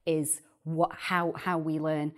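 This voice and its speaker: A woman, a guest chatting on a podcast about early years teaching, animated and often repeating words as she starts a thought. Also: sits low, slow. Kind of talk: casual podcast chat.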